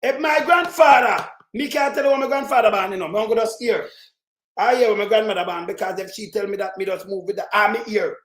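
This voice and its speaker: A heated Jamaican voice at a middling pitch tears into its targets with profanity and bursts of shouting. The sound carries a roomy echo, as if from a bare room. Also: fast talker. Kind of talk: angry political rant.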